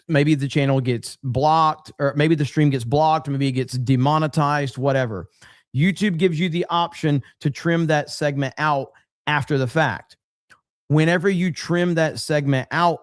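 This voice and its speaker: A man with a fairly high-pitched voice hosts a podcast, reacting to a video clip in an animated, chatty way as he laughs and chimes in. The studio sound is clean, with no room sound at all.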